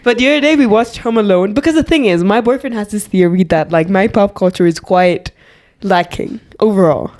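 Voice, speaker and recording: Woman on a podcast, chatty storyteller, mid-pitch voice. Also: brisk. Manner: switches into Spanish mid-sentence, animated storytelling. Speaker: podcast co-host. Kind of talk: casual chat.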